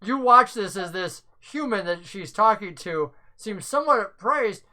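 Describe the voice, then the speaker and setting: A woman's voice: mid-range voice, expressive, measured pace, very noisy. A woman narrating a tabletop game as game master, chatty and loose with fillers. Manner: chatty, filler-heavy description.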